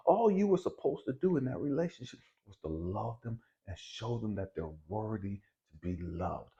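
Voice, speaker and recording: A man preaching a motivational spiritual talk with blunt profanity and emphatic delivery. His warm, mellow voice rises and falls a lot, and he moves from loud outbursts to hushed lines. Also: medium pitch, sing-song, moderate pace, vocal fry, hardly any pauses, dull audio. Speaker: spiritual video host.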